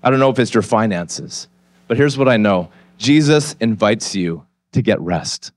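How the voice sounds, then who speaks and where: Candid, earnest pastor preaching. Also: male voice, lowish voice, lively intonation, normal speed, no room sound. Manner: candid, conversational storytelling that builds to earnest appeal. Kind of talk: sermon. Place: church stage.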